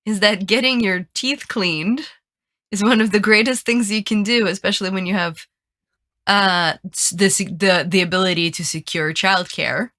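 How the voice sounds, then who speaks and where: A woman's voice: mid-range voice, fairly even intonation, normal speed, pushed and bright. A woman co-hosting a book podcast in casual chat, her voice stuffy and congested from allergies, with dry, wry asides. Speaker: podcast co-host.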